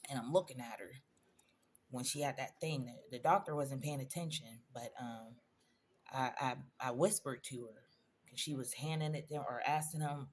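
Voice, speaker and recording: A woman's voice: a bass voice, darkish tone, a little hiss or hum. A woman in a personal vlog, telling a painful story in a conversational, emotional way, addressing viewers directly. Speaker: vlogger.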